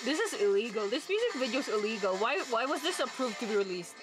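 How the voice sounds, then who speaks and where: A young Canadian reaction vlogger gushes and gets flustered while reacting to a music video, with music playing behind her. Her fairly high voice is sing-song and quick, and the audio is poor.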